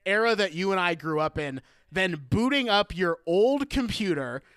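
Bright, clear-voiced young man hosting a chat. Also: high-pitched, no echo, clean studio sound. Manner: animated, laughing storyteller, quick to do voices. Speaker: podcast host. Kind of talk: casual chat.

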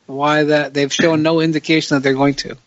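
A man's voice: on the high side, flat delivery, fairly quick, dry recording. A tired man hosting a casual podcast chat, hesitant and restarting his sentences often. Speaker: podcast host. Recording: slightly muffled dry audio.

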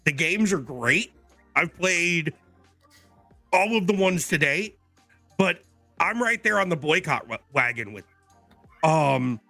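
Male podcast co-host, rambling explainer, gravelly and bright, dry mic. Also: sits high, no echo. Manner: rambling, filler-heavy explaining. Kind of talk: casual podcast chat.

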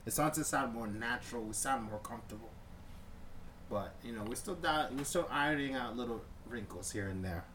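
A young man chats on a podcast in a loose, easygoing way, full of slang and casual swearing. His voice sits in an ordinary middle pitch. Faint background ambience hangs under his talk. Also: fairly quick, a bit bright, a little hiss or hum. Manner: laid-back, slangy, swears freely. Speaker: podcast co-host. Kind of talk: casual chat.

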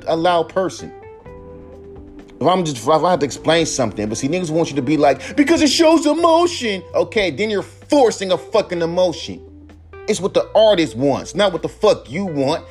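A young man, a rapper hosting his own podcast, ranting alone with heavy profanity and mocking imitations of his critics. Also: a little high. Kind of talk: solo podcast rant.

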